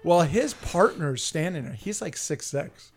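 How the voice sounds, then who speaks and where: Higher-pitched, profane middle-aged male storyteller. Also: unhurried, slight background noise. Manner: profane, heated and animated storyteller. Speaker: podcast host. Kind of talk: casual sports chat and storytelling.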